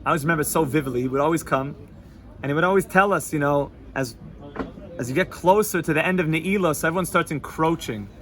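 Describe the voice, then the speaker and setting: Rabbi guy teaching a casual torah class, kinda high voice, loud then hushed, yiddish and hebrew words thrown in. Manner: animated, swings from loud to hushed, laughs easily; sprinkles Yiddish and Hebrew terms into casual speech. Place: yeshiva study hall.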